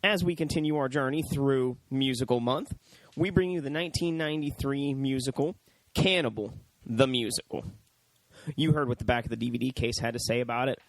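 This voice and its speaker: A man co-hosts a casual movie review in a dry, close-sounding room. He talks in an animated, profane way and often breaks into high squeaky impressions of characters. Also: fairly quick, no room sound, low-quality recording. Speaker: podcast co-host.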